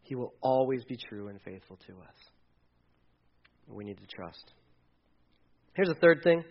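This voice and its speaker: A male pastor preaching a sermon in a conversational way, moving between soft asides and loud, emphatic readings. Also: medium pitch, lively intonation, measured pace, muffled recording.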